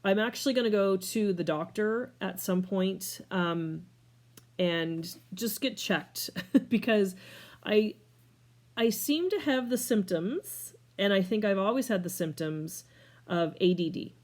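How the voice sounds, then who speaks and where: A woman's voice: animated, takes it slowly, a little mellow. A middle-aged woman in a casual talking-to-camera life update from home, rambling and scattered, tearful and emotional, laughing through tears. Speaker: vlogger. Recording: clear background noise, furnace rumble.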